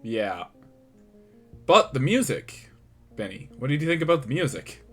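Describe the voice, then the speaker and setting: A man's voice: mid-range voice, big pitch swings, measured pace, fairly bright tone, breathy edge, faint music behind. A man co-hosting a casual chat about video games, rambling, with many restarts and laughs. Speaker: podcast co-host.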